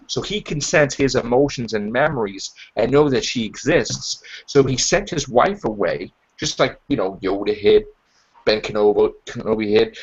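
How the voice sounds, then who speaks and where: A man hosting a podcast in casual chat, rambling and acting out characters' lines in animated voices. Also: mid-range voice, breathy edge. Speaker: podcast host. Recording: dull lo-fi podcast audio.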